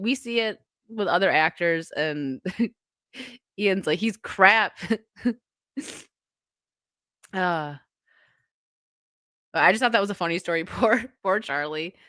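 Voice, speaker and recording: A woman's voice: medium pitch, a bit bright, no echo, clean studio sound. A woman streamer who is sick, giving casual, rambling live commentary and laughing often. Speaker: streamer host.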